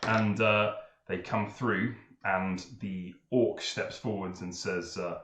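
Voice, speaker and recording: A man narrates a tabletop game as game master, his voice on the low side. He pauses and uses fillers while setting scenes, and the room echoes around him. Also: steady tone, a bit bright. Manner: measured, hesitant, with many fillers.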